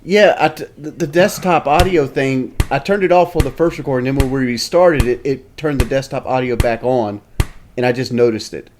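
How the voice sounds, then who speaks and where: A man, from South Carolina, drawls slowly and easily in podcast chat. His voice sits at a middle pitch. Clear hiss and clicks run under his noisy line.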